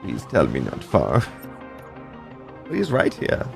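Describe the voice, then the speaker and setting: A man's voice: extremely low pitch, huge pitch swings, slow, gravelly. A man swearing and reacting sarcastically while commenting on the shooter game he is playing. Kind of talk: casual gameplay commentary. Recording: loud game music under voice.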